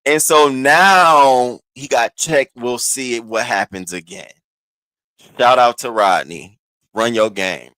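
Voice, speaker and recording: Animated man telling a story casually. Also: mid-range voice, slow, no echo. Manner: animated, restarts and stammers, swings into quoted voices. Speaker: streamer recounting online drama.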